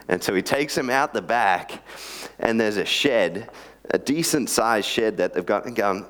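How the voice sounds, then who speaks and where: A man's voice: fairly low pitch, animated, normal speed, fairly bright tone. A man giving a sermon, telling a joke story in a chatty way with joking asides before praying and teaching. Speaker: preacher.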